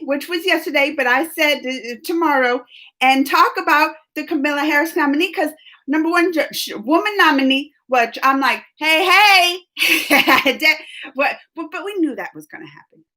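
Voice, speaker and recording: High bright-voiced chatty woman. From United States. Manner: excitable and chatty, laughs often; rambling with frequent restarts. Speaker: live stream host. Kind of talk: casual live-stream chat.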